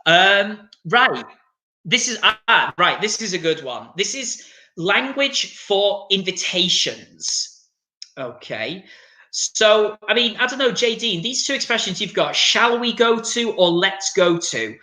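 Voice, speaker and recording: A man teaching an online English lesson, upbeat and encouraging, slowing down to model each word's pronunciation. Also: sits high, big pitch swings, pushed and bright. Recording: echoey room sound.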